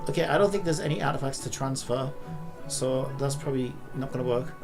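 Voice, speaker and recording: Gravelly, swearing gaming streamer guy. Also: mid-range voice, fairly quick, music in the background. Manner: frustrated, swears a lot, rants at the game. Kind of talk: live gameplay commentary.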